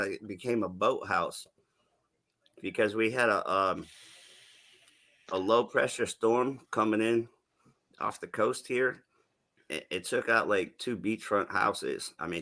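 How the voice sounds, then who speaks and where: A lowish, pushed and bright voice belongs to a New England man with a Southern-tinged accent. He's chatting casually on a live stream panel, rambling along, cursing, and laughing without effort.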